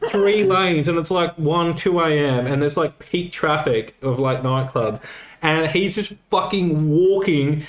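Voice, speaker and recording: A man's voice: on the high side, unhurried. Man telling a story, roomy echo. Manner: swearing, animated retelling with quoted dialogue. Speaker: podcast co-host. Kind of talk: casual storytelling chat.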